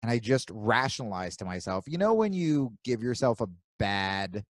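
A man from New Jersey co-hosting a podcast, telling animated stories with plenty of swearing and acting out his own inner voice. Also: mid-range voice, normal speed, no room sound. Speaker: podcast co-host. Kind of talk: casual chat.

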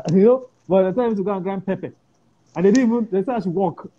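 A man's voice: high-pitched, fast talker. A man telling a personal story in an interview, acting out quoted voices and laughing often. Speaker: interview guest. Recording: dull lo-fi sound with faint hiss.

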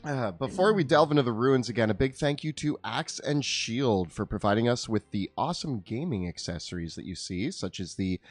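A man's voice: mid-range voice, expressive, normal speed, hardly any pauses, no room sound, soft background music. A man playing in a tabletop game, talking casually and reading sponsor thanks. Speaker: player. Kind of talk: casual chat.

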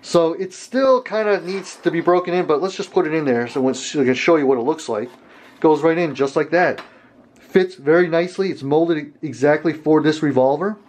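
A man's voice: a little high, normal speed, a little mellow. A man talking casually to his viewers about a holster, rambling with fillers and asides. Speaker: gun channel host. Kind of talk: casual product talk to camera.

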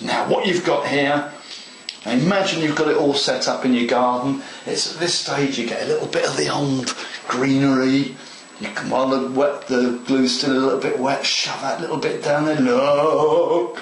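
A man's voice: mid-range voice, normal speed, roomy sound, slight background noise, rough recording. Chatty man demonstrating model-making. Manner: chatty and enthusiastic, talks to the viewer. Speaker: model railway tutorial host. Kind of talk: hands-on craft demonstration.

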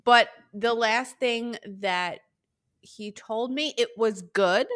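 Young woman cohost, bright voice, blunt, swears casually. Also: a little high, takes it slowly. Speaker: podcast co-host. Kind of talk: casual chat.

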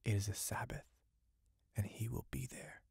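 A man voicing a sly, seductive female witch in an audiobook, in a slow, hushed, teasing voice that drops into whispers. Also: on the low side, fairly even intonation, dry recording, natural voice. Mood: whispering.

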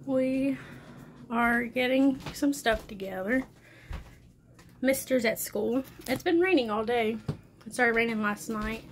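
A woman chatting casually to camera at home, rambling with soft laughs, a bit out of breath. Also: a little high, slow pace, long pauses, slight background noise. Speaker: vlogger. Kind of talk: casual home vlog chat. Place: home, indoors and outdoors.

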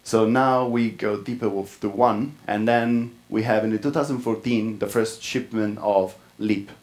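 A man's voice: fairly low pitch, steady tone, measured pace, a little mellow. A man from Italy with an Italian accent, speaking at a conference in an informal way with frequent fillers. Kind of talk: tech conference talk.

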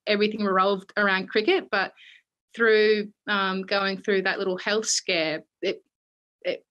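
A woman in her twenties with an Australian accent, talking as an interview guest in a halting way, with many fillers and restarts. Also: mid-range voice, fairly bright tone, low-quality recording. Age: 20s. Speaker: guest athlete. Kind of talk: interview, personal recollection.

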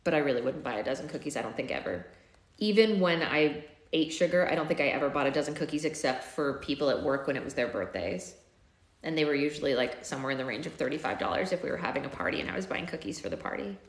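Woman reading aloud in an echoey room. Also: sits low. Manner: quiet, offhand asides to viewers. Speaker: book club host reading aloud. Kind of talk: live-streamed read-aloud with chatty asides.

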